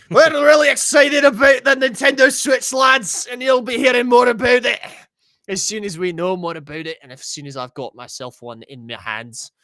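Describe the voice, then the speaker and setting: A boisterous man who whoops and shouts his words in a bright, strained tone, as a man puts on the for a laugh. The voice sits well above his usual pitch. It sounds dry and close. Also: fairly even intonation, normal speed, no echo. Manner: shouting, high and hearty. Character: boisterous Scottish man, loud and excited.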